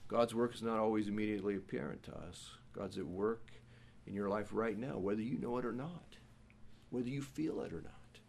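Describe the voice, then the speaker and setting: A pastor preaching a sermon, who moves between hushed, quiet passages and loud, emphatic ones. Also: male voice, fairly low pitch, brisk, creaky, slight background noise.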